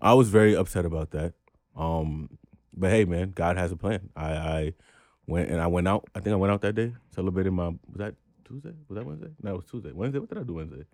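A man co-hosts a casual podcast, venting bluntly and profanely, and his low voice climbs when he gets angry. He talks fast and sounds a little mellow. The studio-quality recording has no echo.

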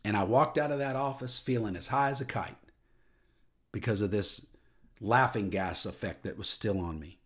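A man giving a personal testimony into a microphone, telling a story earnestly and dropping soft and low at emotional moments. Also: expressive, normal speed, long pauses. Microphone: studio microphone.

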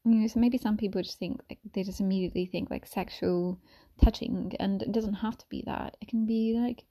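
A woman speaks in a soft-spoken ASMR manner, often dropping to a whisper. Her tone is mellow and dark, with plenty of gravelly vocal fry. She meanders gently, with frequent ums and restarts. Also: mid-range voice, fairly even intonation, a little fast. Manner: meandering, with many fillers and restarts. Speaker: mother sharing reflections.

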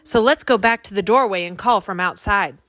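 A woman's voice: mid-range voice, fairly quick, a bit bright, no echo, close to an everyday voice. A woman voicing Annie, a bold and eager young girl. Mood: earnest.

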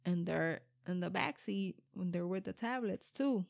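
Animated Puerto Rican woman telling stories. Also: lowish voice, a little slow, vocal fry. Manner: animated storytelling, acts out kids' voices, swears freely, mixes Spanish. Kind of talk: casual chat.

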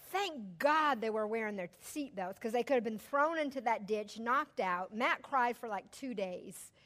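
Animated woman telling a story. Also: on the high side. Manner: animated, chatty, laughs often. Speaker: speaker to a church audience. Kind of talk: personal storytelling to an audience.

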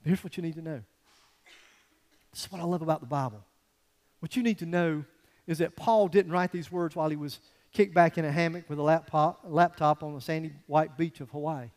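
A male pastor giving a conversational, animated sermon with folksy asides to the congregation. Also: on the high side, a little fast, long reverb tail.

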